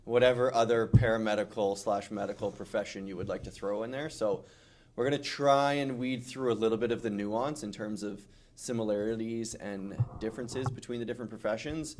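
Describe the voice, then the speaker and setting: A man's voice: on the low side, steady tone, a little fast, darkish tone, a little hiss or hum. A man, a chiropractor co-hosting a casual podcast chat.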